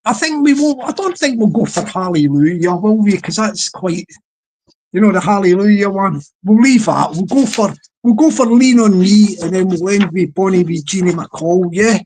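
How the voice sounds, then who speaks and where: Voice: medium pitch, lively intonation, normal speed, darkish tone. A live-stream host, chatting casually to a small online audience in a rambling way, often restarting sentences.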